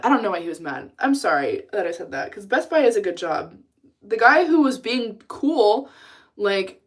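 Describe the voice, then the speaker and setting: A young woman chatting casually on a livestream, venting, swearing freely and answering chat. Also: medium pitch.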